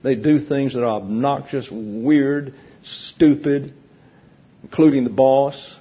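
A man leading a Bible class, teaching in a teasing, conversational way and explaining points slowly to a room of listeners. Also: medium pitch, steady tone, slightly rough. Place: church classroom with an audience. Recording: dull lo-fi recording.

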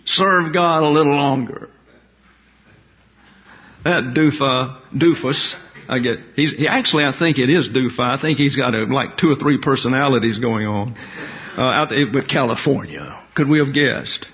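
Guy pastor teaching bible verse by verse, slow and deliberate, explains the greek, muffled lo-fi sound. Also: medium pitch. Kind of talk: expository Bible teaching sermon. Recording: dull lo-fi recording.

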